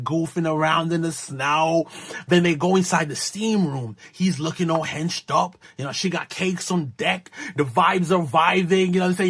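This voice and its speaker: A man's voice: fairly high pitch, a bit bright, slightly rough. A man casually recapping a reality show in laid-back slang, laughing at his own jokes. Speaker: recap host.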